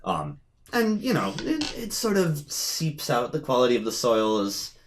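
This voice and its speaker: A man puts on a chatty old hermit woman in a tabletop game, a retired adventurer who tends a grove and rambles fondly about it. Her voice rides up and down in a lively, singsong way, cozy and hospitable. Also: mid-range voice, unhurried, slight background noise. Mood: reminiscing. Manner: warm, folksy, rambling hostess.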